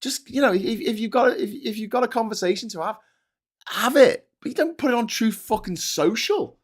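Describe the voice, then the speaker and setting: A man's voice: expressive, brisk. A man hosting a casual monologue, swearing a lot as he rants. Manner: sweary, ranting, mimics in high squeals. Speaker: host.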